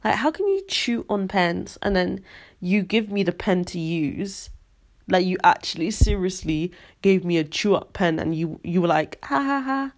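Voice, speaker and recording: A young woman hosting a podcast, telling stories in an animated, ranting, slangy monologue. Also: on the low side, moderate pace. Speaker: podcast host. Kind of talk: casual storytelling monologue.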